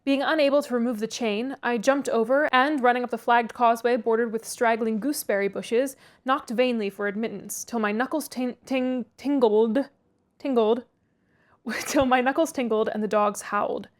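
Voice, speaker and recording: A woman reading a classic novel aloud, pausing for chatty asides and laughing at her own stumbles. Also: fairly high pitch, fairly even intonation. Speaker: audiobook reader, read-aloud host.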